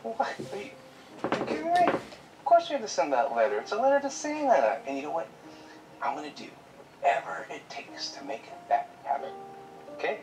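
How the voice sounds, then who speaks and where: An actor playing a struggling father who reassures his daughter warmly and jokes with her, in a web drama over background music. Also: fairly high pitch, huge pitch swings, brisk, long pauses, rough recording. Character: caring, broke young father, gentle and jokey. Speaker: struggling single dad.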